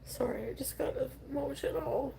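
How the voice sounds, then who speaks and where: A woman putting on the voice of an overdramatic, weepy woman streamer, speaking in a breathy, teary whisper. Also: sits high, lively intonation, takes it slowly, darkish tone, slight background noise, voice pushed up.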